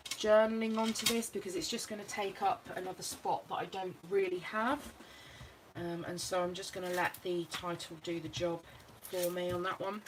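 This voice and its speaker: A woman's voice: on the low side, noisy background. Chatty British woman crafting on camera. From United Kingdom. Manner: chatty, thinks aloud while working. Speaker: craft vlogger. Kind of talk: casual crafting walkthrough.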